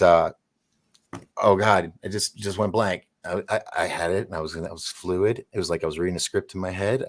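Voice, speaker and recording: A man in his forties hosts a relaxed conversation, his voice sitting very low. He tells long stories in an excitable, rambling way, often restarting his sentences. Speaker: host. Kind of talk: casual storytelling chat.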